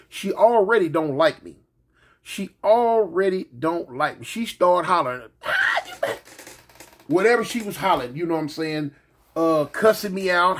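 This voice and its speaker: A man telling a comedic story casually, drawling and repeating lines for effect as he talks straight to his listeners. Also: a little high.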